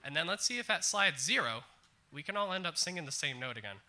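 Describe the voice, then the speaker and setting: A man's voice: a little high, big pitch swings, quick pace, bright, forceful tone, a little hiss or hum. A man presenting on stage, coaching a live audience through breathing and singing exercises.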